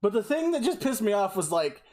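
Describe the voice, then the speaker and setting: A man's voice: high-pitched, big pitch swings, a little fast, darkish tone. A man co-hosting a podcast, telling stories casually and animatedly with frequent swearing and laughter. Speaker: podcast co-host. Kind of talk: casual chat.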